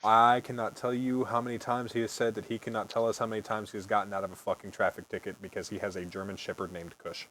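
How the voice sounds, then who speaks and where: A man's voice: lowish voice, level tone, quick pace, few pauses, fairly bright tone, a little hiss or hum. A man in his early twenties, host of a casual podcast, telling rambling stories, swearing freely and laughing often. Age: early 20s. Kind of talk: casual storytelling chat.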